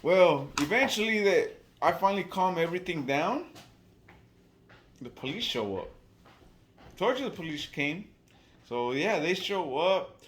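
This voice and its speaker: A man casually telling a wild story, profane and animated, acting out the people he quotes. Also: high-pitched, measured pace, pauses often, slight background noise.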